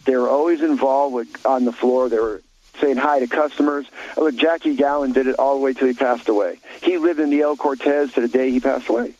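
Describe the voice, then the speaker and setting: A man's voice: medium pitch, fairly quick, darkish tone, highs cut off. A man talking bluntly in an opinionated talk show chat, rambling with many restarts and fillers.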